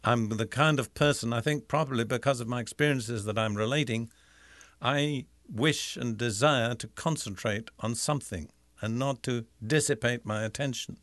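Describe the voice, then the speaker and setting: A man preaching a sermon in a measured, deliberate way, slowing down to stress key phrases. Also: mid-range voice, a bit bright, dry recording. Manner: measured, deliberate, slows for emphasis.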